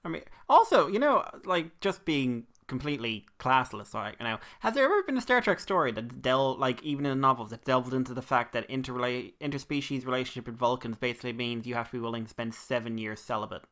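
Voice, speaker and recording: A man's voice: mid-range voice, lively intonation, quick pace, hardly any pauses, fairly bright tone. An Irish man co-hosting a podcast in casual chat, rambling and laughing as he goes. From Ireland. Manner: rambling, laughing, bursts into mock accents. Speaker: podcast co-host.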